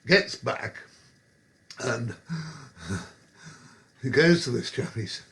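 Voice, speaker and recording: Brief: man, gravelly storyteller, wry and digressive, middle-pitched. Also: sing-song, drawn-out words, long pauses, sharp tone. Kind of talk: rambling pub anecdote.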